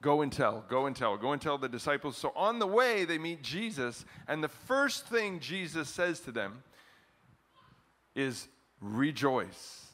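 A middle-aged man preaching a sermon as pastor to his congregation, animated, often chuckling, with his voice jumping up for emphasis. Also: fairly high pitch. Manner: chants a scripture refrain slowly, leading the congregation. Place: church service in front of a congregation.

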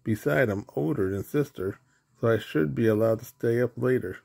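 A man's voice: mid-range voice, moderate pace, creaky, mellow. A man voicing an argumentative boy bear cub in a storybook reading. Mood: arguing. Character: boy bear cub, arguing big brother.

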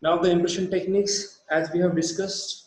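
Indian man lecturing with halting fillers. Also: sits high, little pitch movement, darkish tone, roomy sound, poor audio. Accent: Indian English. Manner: halting, many fillers and restarts. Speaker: dental lecturer. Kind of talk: recorded lecture.

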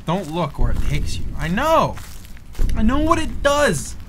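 Jittery high-voiced man swearing through horror. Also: wildly swooping pitch, measured pace, background noise. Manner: jittery, crude, swears constantly; sings nervously to cope with fear. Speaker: gaming commentator. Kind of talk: horror game let's-play commentary.

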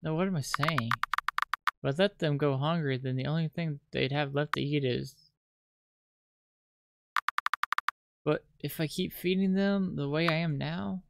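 A streamer voicing a lonely nonbinary child who looks after a dark house, reading the game's lines aloud in a halting way that repeats words. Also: medium pitch, vocal fry, very noisy, natural voice. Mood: anxious. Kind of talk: reading game dialogue aloud. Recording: loud piano music behind.

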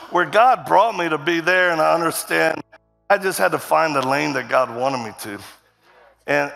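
A man as guest preacher, telling his story in a sermon with a lively, laughing manner. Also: fairly high pitch, vocal fry. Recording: reverberant church hall.

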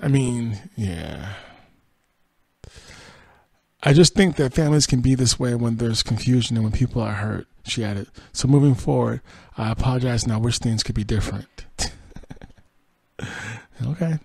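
A podcast host with a dark, gravelly voice reads entertainment headlines and quotes aloud. He drops dry, sarcastic comments between the stories. The sound is close and dry, with no room around it. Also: mid-range voice, normal speed, no room sound. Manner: reads quotes then adds dry sarcastic asides and laughs. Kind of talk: reading entertainment news with asides.

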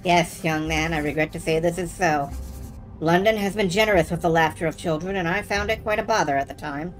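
A woman's voice: fairly low pitch, fairly quick, soft background music, pitched below the performer's own voice, lightly acted. A woman voicing an old miserly man reading game dialogue in a stiff, formal way.

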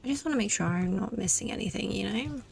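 A woman's voice: medium pitch, expressive, fast talker, gravelly, slight background noise. A woman giving chatty, jokey commentary while playing a game, often talking to herself. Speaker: let's play gamer. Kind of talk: casual gameplay commentary.

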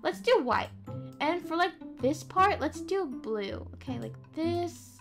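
A woman's voice: very high voice, lively intonation, a little slow. An Australian woman giving casual, bubbly gameplay commentary, gasping often and saying "like" and "oh my gosh" a lot. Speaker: gaming YouTuber. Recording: voice over game music.

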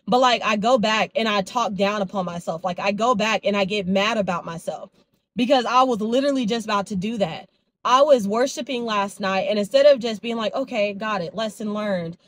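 A young woman talks straight to her phone camera in a loose, chatty vlog style. She tells stories animatedly, slipping into quoted lines from her own conversations, recorded in her car and around her home. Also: mid-range voice. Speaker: vlogger. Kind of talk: casual vlog chat to camera.

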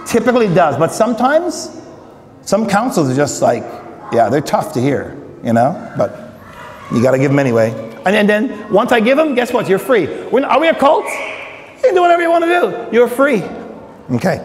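A man preaching a relaxed Bible study in a church hall. His voice sits high and swings widely in pitch, and it rings with long reverb. He keeps teasing people in the pews by name. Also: moderate pace, a little hiss or hum. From Australia. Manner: joking, teasing the congregation by name. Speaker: pastor. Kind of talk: conversational Bible study sermon.

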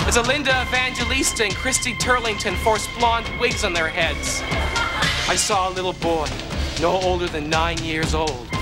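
A man telling a comic story in a wry, deadpan monologue that breaks into high exaggerated squeals. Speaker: comedic monologue narrator.

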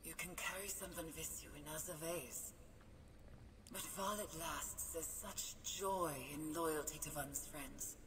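A woman's voice: low voice, measured pace. An actress voicing the ghostly echo of a wistful woman mage in a video game, speaking solemnly and reflectively with a faintly German-like accent. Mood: gentle. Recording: echoey, noisy game audio.

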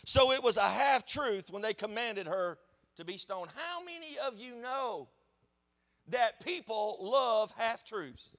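A man, a pastor preaching a sermon in a church in an animated, conversational storytelling way. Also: high voice, a little slow. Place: church sanctuary.

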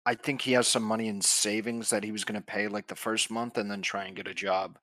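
A man's voice: on the low side, flat delivery, brisk, sharp tone, no echo. A man chatting casually, wry and matter-of-fact. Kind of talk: casual chat.

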